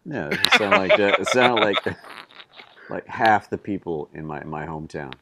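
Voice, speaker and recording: Man, very deep voice, bright tone, casual talk, short agreeing remarks. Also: huge pitch swings, normal speed, creaky. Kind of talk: casual chat.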